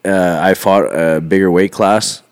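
A man co-hosts a casual podcast, blunt and eager as he starts a story of his own. His voice is very low. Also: fairly even intonation, unhurried, smooth. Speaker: podcast co-host.

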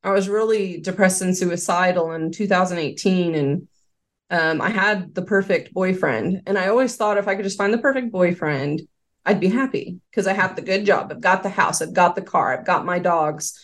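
A woman with a slightly low voice talks through her personal story as an interview guest. She is candid and earnest, loose in her phrasing, with frequent fillers. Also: normal speed. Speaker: interview guest, former quality control worker. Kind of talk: casual interview testimony.

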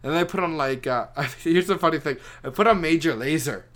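A man's voice: a little high, brisk, a bit bright. A young man chatting casually, rambling through a story with lots of filler words. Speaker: friend telling a story. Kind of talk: casual chat.

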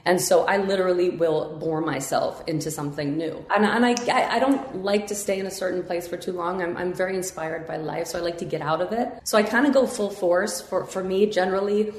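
A woman's voice: fairly low pitch, brisk, hardly any pauses, reverberant. A woman guest in a podcast interview, talking candidly and upbeat with many fillers.

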